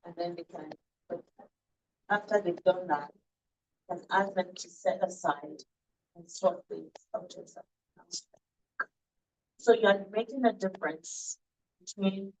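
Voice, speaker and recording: A woman's voice: lowish voice, poor audio. Woman lecturing, patient and playful. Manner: explains patiently, quizzes the class, playful. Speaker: early childhood education instructor. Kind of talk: classroom lecture.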